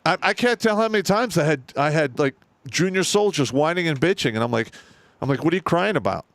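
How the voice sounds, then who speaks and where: Profane, animated middle-aged man. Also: on the high side, a little fast, no room sound. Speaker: co-host. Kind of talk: casual podcast chat.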